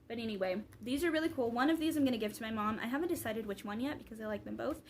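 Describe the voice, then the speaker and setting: A chatty young woman talks straight into her camera mic, rambling along with plenty of ums and likes. Her voice sits a little high for a woman, with a faint hiss of background noise behind it. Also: brisk, hardly any pauses. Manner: rambling, chatty, lots of fillers. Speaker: vlogger. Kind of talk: casual vlog chat.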